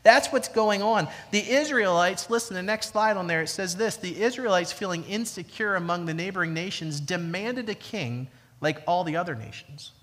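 A man with a high, bright, ringing voice delivers a church sermon. He is emphatic and repeats key lines slowly for weight. His voice carries a long reverb from the church hall. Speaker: pastor. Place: church sanctuary.

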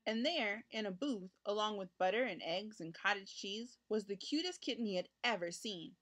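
A woman reading a children's picture book aloud, with expressive, lively storytelling for young listeners. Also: medium pitch, normal speed. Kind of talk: children's read-aloud narration.

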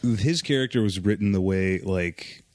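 A man with a lowish voice talks in a loose, sardonic ramble, full of "like" and restarts. The sound is dry and close, with no room around it. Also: normal speed, a little mellow, no echo. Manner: sardonic, rambling with frequent fillers. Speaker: podcast guest. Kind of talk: casual podcast chat.

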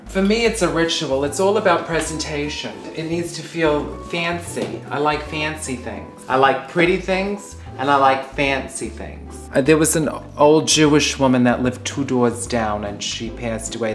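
A man's voice: medium pitch, a bit bright, reverberant. A man hosting a comedic tea-making demonstration in his home kitchen, campy and theatrical, with exasperated swearing asides. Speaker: comedy host.

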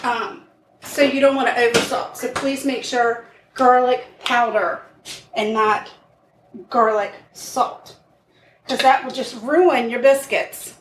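A woman's voice: fairly high pitch, fairly even intonation, takes it slowly. A woman co-hosting a podcast, baking in her home kitchen and chatting in a rambling way with fillers. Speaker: podcast co-host baking on the show. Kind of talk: casual cooking chat. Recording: echoey kitchen with faint noise.

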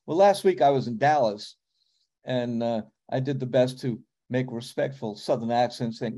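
A middle-aged man with a New York accent preaching a sermon in a conversational way, often pausing on fillers and asking his congregation questions. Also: medium pitch, dark tone, highs cut off. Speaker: pastor. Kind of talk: sermon teaching.

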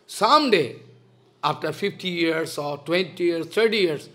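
An impassioned older man, a spiritual teacher, scolds his listeners in a devotional lecture and keeps repeating rhetorical questions. His voice is on the high side, unhurried, bright and forceful.

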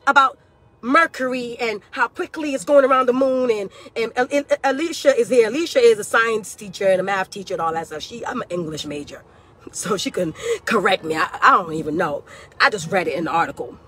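High-voiced fervent woman preacher outdoors. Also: lively intonation, brisk, husky. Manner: fervent, rising to cries and shouts, Southern-style preaching cadence. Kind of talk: prophetic sermon. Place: outdoors, hot day.

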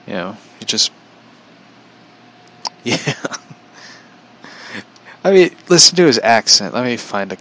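A man's voice: mid-range voice, very animated, takes it slowly, long pauses, bright, forceful tone, poor audio. A man chatting casually on his vlog, rambling with frequent chuckles. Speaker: vlogger. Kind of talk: casual chat.

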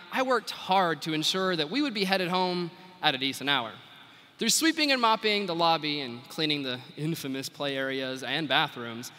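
Bright, lively young man speaking in a big arena. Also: on the high side. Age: young adult. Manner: animated, quotes people in acted voices. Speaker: FFA national officer giving retiring address. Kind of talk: storytelling keynote speech. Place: large convention arena. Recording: long arena reverb.

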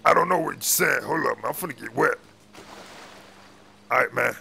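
A man's voice: medium pitch, normal speed, gravelly, pushed and bright, slightly rough. A man doing casual game role-play, talking in a slangy, menacing, taunting way.

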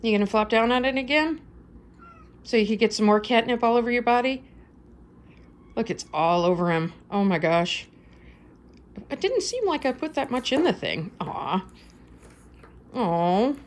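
A woman's voice: on the high side, lively intonation, normal speed, pauses often. A woman filming her cat at home, cooing and giggling in doting baby talk. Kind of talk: casual home video chat.

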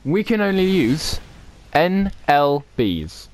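A man chatting casually while playing an online game with friends, excitable and swearing often as he explains the rules. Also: on the high side, slow pace, slight background noise. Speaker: gaming channel host. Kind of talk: casual gaming chat with friends.

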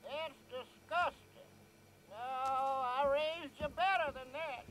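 Gruff scolding grandma, as an actor puts her on. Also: high-pitched, takes it slowly. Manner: nagging, disapproving. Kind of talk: video game cutscene acting.

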